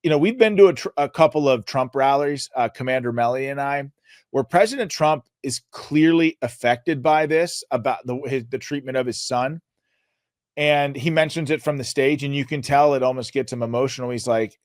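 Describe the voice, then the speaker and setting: A male show host giving an emphatic, earnest political commentary monologue, his voice going hoarse. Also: medium pitch, animated, moderate pace, no room sound, studio quality. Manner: emphatic, earnest, rising to loud peaks. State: losing his voice.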